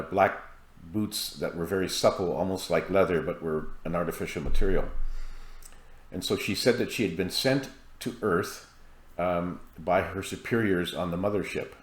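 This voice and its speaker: A man, an author and hypnosis practitioner, talking to camera in a calm, measured way with occasional fillers. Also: low voice. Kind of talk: monologue to camera. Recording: roomy echo.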